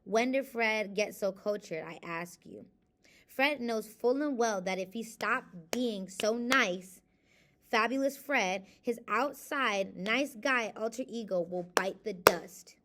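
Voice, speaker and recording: A woman's voice: medium pitch, slow, noisy background. Candid emotional woman venting to camera. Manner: emotional, candid, shifts between reading aloud and venting. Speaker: vlogger reading and reflecting on a self-help book. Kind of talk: casual confessional vlog.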